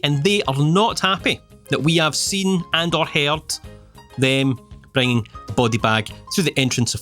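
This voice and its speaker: Playing through a video game, this Scottish-accented host cracks wry jokes in his let's play commentary. He speaks in a medium-pitched, slightly bright voice.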